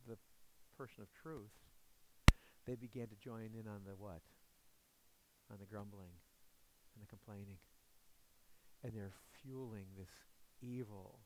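A man's voice: lowish voice, noisy background. A man preaching a sermon as pastor, earnest and often asking his listeners questions.

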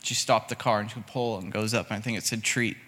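A man's voice: on the low side, fast talker. A man preaching a sermon in a conversational, storytelling way, voicing the people in his stories. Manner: conversational storytelling with lively voiced quotes. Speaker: pastor. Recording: long hall reverb.

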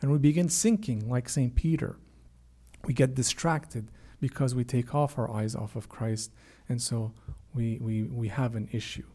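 Man preaching a warm, earnest sermon. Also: a little slow. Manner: earnest, repeats words, voices quoted prayers with rising pitch. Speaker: priest.

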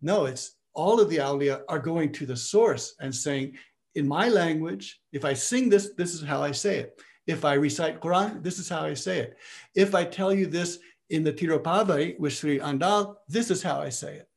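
A man's voice: fairly high pitch, moderate pace, creaky. A man teaching in a lecture with questions from listeners, often restarting his phrases as he searches for words.

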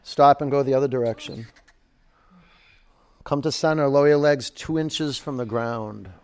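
A man's voice: medium pitch, normal speed, a little mellow, clear, resonant tone. A man in his forties teaching a live yoga class, giving cues and counts with chatty, joking asides. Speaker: yoga instructor.

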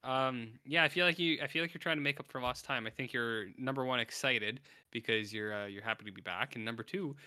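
A man's voice: medium pitch, quick pace, few pauses, sharp tone, no echo. A man co-hosting a podcast, rambling and playful in casual chat. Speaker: podcast co-host.

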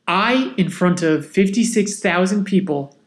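A man hosting a podcast, telling a personal story in a casual, animated, self-mocking way. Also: high-pitched, a little slow. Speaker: podcast host.

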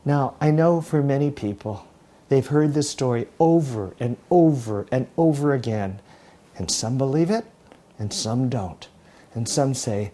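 Male preacher, warm and mellow, dramatic storyteller in a sermon. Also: medium pitch, lively intonation, a little slow. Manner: storytelling, dramatic retelling with many restarts. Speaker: pastor.

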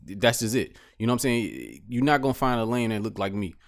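A man's voice: fairly low pitch, big pitch swings, fairly quick, creaky. A middle-aged man co-hosting a casual podcast chat, ranting bluntly with lots of profanity.

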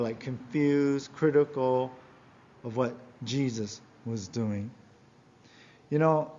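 A man's voice: medium pitch, a little mellow, lo-fi sound. A man preaching a sermon as pastor, earnest and emphatic, often asking his listeners questions.

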